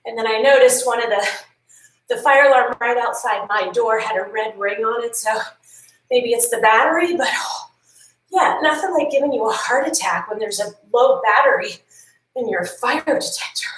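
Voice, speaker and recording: A woman's voice: fairly high pitch, moderate pace, fairly bright tone, far from the mic. A woman leading a home workout, chatty and encouraging, swapping stories between exercise cues, tired and yawning. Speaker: fitness instructor. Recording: echoey room, voice a bit off-mic.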